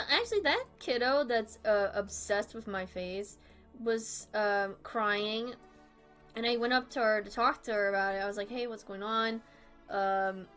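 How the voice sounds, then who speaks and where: A young woman in her twenties chatting casually on a drawing stream, rambling and self-deprecating, often laughing. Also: mid-range voice.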